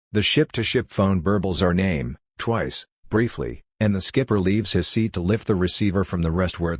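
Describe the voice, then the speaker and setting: A man reading a literary novel aloud as an audiobook narrator, in a measured, reflective manner. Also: deep voice, no room sound, studio quality.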